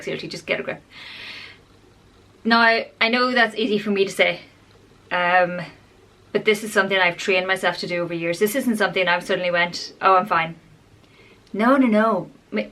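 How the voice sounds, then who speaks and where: A woman's voice: mid-range voice, fairly bright tone. A woman talking openly in a personal vlog, rambling and confessional in a chatty way. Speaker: vlogger.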